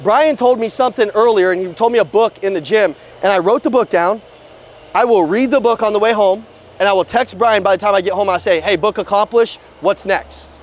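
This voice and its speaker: A man running a live sales coaching session outside at a car dealership, his voice pitched high and his words racing. He is blunt and profane and drills the trainees with one rhetorical question after another. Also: brisk.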